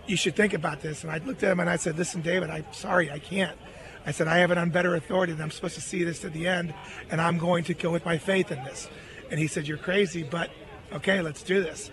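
Earnest higher-voiced man telling a story. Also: fairly bright tone. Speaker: guest. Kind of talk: storytelling interview talk.

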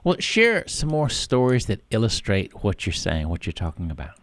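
A man hosting a radio talk show, prompting and summarizing his guest and briskly wrapping up the segment. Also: fairly low pitch, sing-song, no room sound, clean studio sound. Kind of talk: radio interview.

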